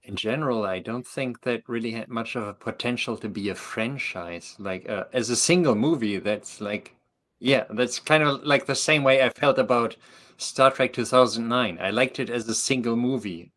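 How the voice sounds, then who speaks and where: German guy on a call, kinda halting, lots of uhs, dry jokes. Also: mid-range voice, fairly bright tone. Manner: hesitant, many uhs, dry humor. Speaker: guest. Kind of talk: casual chat.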